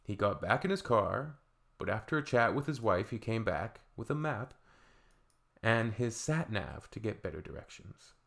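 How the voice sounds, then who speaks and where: A Canadian man reads viewer comments aloud, his low voice gravelly with fry. He breaks in with dry, sarcastic asides in a Canadian accent. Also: big pitch swings, normal speed, a bit bright. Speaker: reaction video host.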